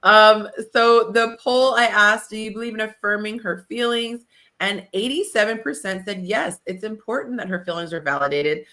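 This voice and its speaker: A woman hosting a casual panel podcast, telling stories with lively acted-out quotes. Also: mid-range voice, normal speed. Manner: animated storytelling, acts out quotes. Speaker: podcast host.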